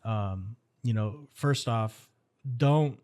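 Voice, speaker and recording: A man's voice: medium pitch, extremely slow. A middle-aged man, a firearms instructor guest on a podcast, telling stories bluntly and rallying listeners. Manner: animated storyteller, blunt and rallying. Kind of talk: casual podcast conversation.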